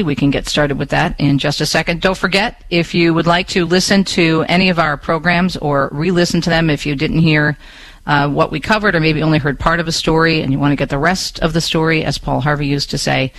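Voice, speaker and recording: A man's voice: fairly high pitch, a bit bright, no room sound, poor audio. A man hosting a radio talk show, speaking with passion and rhetorical questions, adding chatty asides to listeners and reading the news into a studio microphone.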